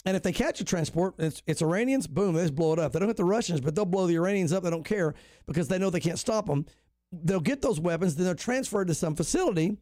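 A man's voice: sits high, animated, fast, dark tone, no room sound, clean studio sound. A man, a pastor, talking animatedly and emphatically on a radio show, rambling with restarts. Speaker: pastor, guest commentator. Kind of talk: casual radio talk on prophecy.

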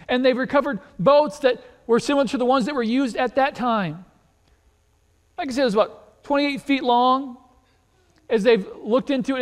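Male pastor, very high voice, chatty animated sermon with lots of rhetorical questions, long church-hall reverb. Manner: conversational, animated, rhetorical questions, repeats words. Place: church sanctuary.

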